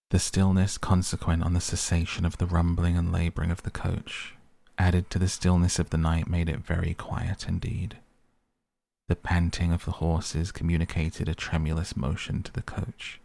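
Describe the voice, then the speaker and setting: A man narrating a classic novel as an audiobook in a measured, steady way. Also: low-pitched, vocal fry, no room sound. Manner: measured, even storytelling.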